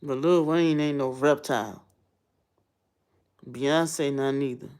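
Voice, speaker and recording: A woman in her thirties, a vlogger telling stories in a blunt, casual, animated way. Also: extremely low pitch, takes it slowly. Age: 30s. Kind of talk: casual storytelling rant.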